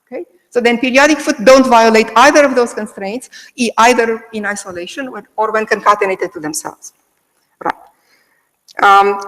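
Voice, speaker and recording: A woman's slightly high, fairly bright voice carries a step-by-step academic lecture on Greek meter, delivered to a remote audience. She repeatedly checks in with "okay." Poor audio and a big-room sound characterize the clip.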